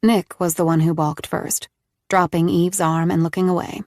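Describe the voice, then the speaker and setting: Audiobook narrator, woman: gravelly, steady, dry close sound. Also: fairly low pitch, normal speed, no room sound.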